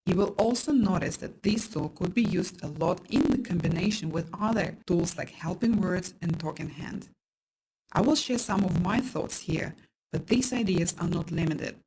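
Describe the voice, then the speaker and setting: Calm woman teaching parenting skills. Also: on the low side, normal speed, slightly rough, low-quality recording. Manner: calm, explanatory, emphatic on key points. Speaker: parenting instructor. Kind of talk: instructional course narration.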